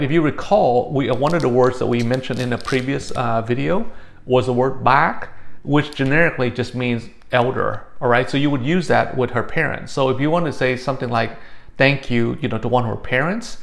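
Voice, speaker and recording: A man's voice: medium pitch, a little fast, gravelly. A man teaching a casual language lesson, explaining patiently and often checking in with "all right?".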